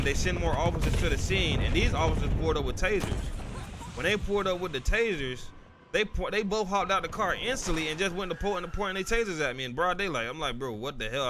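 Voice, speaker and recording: A young man streaming a game, rambling through a personal story in a casual, profane way, often asking "you feel me" and getting louder when worked up. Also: on the high side, noisy background. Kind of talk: casual storytelling while gaming.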